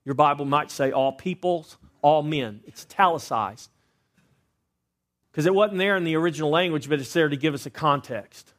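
A pastor preaching a sermon, swinging between loud emphasis and hushed asides and asking rhetorical questions. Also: male voice, fairly high pitch, animated, normal speed, pauses often. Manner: asks the congregation rhetorical questions.

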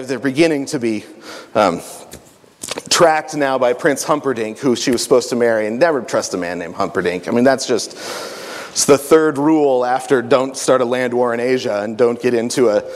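A man speaking at a family camp, retelling a story in a playful way with joking asides. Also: mid-range voice. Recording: echoey hall.

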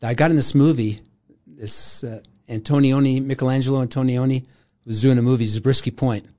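An older man recounting a past adventure in an easygoing, rambling way. He laughs often and slips into quick impressions of the people he quotes. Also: medium pitch, fairly even intonation, mellow. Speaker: interview guest. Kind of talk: casual storytelling.

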